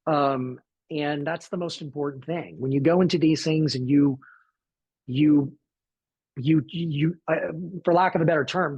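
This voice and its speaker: A man from the Southern United States with a Southern accent, answering interview questions in a thoughtful, halting way with many restarts. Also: on the high side, a little mellow, husky, dry recording. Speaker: actor interviewed about his film.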